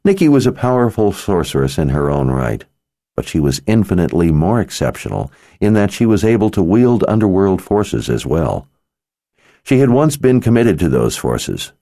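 A man narrating an audiobook in a measured, steady manner. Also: sits low, no echo, clean studio sound.

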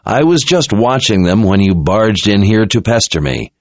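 A man's voice: on the low side, very animated, normal speed, no room sound, voice pushed up. A man voicing a haughty, arrogant male sorcerer who drawls his words. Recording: dull lo-fi recording.

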